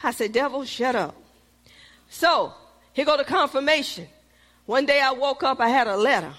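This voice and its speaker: A middle-aged woman pastor, preaching with a fairly high voice. She calls out to the congregation and swings between firm, raised emphasis and hushed whispers. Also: lively intonation, moderate pace. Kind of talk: sermon.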